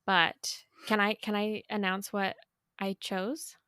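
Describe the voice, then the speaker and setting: A bubbly woman talks as a guest on a casual podcast, giggly and a bit self-conscious. Her voice is smooth and clear, at a middling pitch. The sound is dry and close. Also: flat delivery, slow, bright, forceful tone, no echo.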